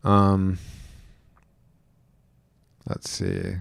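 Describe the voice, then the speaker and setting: A man's voice: deep voice, completely flat delivery, extremely slow, gravelly, no echo. A man chatting casually on his livestream, rambling and reading out chat comments, close to a microphone at home. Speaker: livestream host, rideshare driver. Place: indoor home room. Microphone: close desk microphone.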